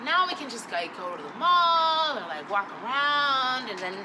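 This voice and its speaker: A woman's voice: sits high, big pitch swings, normal speed. A woman comedian gushing and playful as she thanks her audience and talks with them. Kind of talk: comedy special banter. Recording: noisy background.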